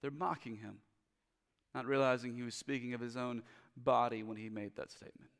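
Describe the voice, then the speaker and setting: A man's voice: steady tone, fairly quick, creaky. Man preaching in an echoing hall. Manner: swings from loud urgent emphasis to quiet, low passages. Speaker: pastor. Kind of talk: sermon.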